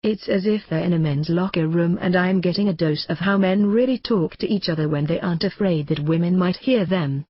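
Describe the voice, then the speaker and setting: Low husky woman reading a wry memoir. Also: a little fast, hardly any pauses, dry recording. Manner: wry, blunt storytelling. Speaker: audiobook narrator. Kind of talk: first-person memoir reading. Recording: dull lo-fi recording.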